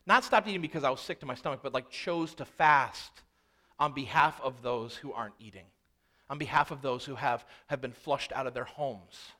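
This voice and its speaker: A man preaching a sermon, moving between quiet, slow reflection and loud, urgent reenactments of prayer. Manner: earnest preaching with dramatic dynamic swings, quieting low then rising loud. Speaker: pastor.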